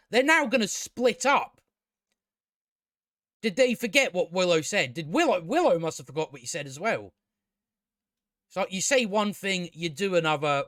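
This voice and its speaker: A man's voice: fairly high pitch, a bit bright, no echo, studio quality. A man casually reviewing a show, exasperated and sweary, rambling with many restarts.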